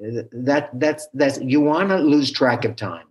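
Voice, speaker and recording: A man who teaches, talking as a guest in an interview in a halting, animated way with frequent restarts. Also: mid-range voice, muffled recording. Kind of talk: conversational interview.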